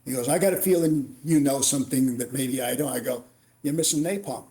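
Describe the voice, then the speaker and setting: A middle-aged man tells war stories as a podcast guest, in the clipped style of a retired Marine officer. He acts out the back-and-forth of each exchange, and his voice sits at an ordinary pitch for a man. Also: fairly quick. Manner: animated war storyteller, acts out dialogue. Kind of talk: storytelling interview.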